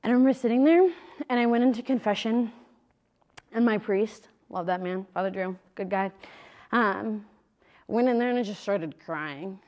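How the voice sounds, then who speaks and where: A woman's voice: medium pitch, moderate pace, dull audio. A young woman missionary giving a conversational, emphatic faith talk, speaking straight to a live group.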